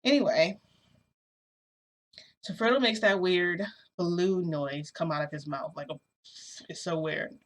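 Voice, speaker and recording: A woman telling a long story to her camera in a rambling, animated way, with lots of fillers, filmed indoors at home. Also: on the low side, measured pace, long pauses. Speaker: vlogger. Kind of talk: casual storytelling vlog. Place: indoors at home under a bright light.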